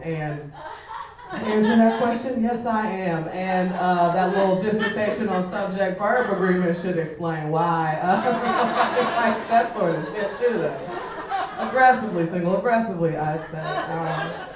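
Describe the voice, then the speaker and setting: Her voice sits on the low side and moves at normal speed, with crowd noise behind it. She's a Chicago stand-up comedian performing a set on a club stage, animated, sweary, and conversational with many fillers, heard through a distant mic in an echoey room.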